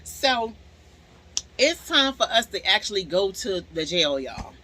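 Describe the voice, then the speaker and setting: Bright, animated New woman storyteller. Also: mid-range voice, moderate pace, a little hiss or hum, poor audio. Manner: animated, swears freely, talks straight to viewers. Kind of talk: casual storytime vlog.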